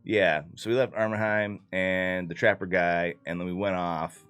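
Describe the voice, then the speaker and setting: Deep-voiced man recapping a game, swearing. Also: level tone, a little slow, fairly bright tone, clean tone, faint music behind. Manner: loose and profane, with frequent fillers. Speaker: player recapping the campaign. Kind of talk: casual recap of a tabletop game.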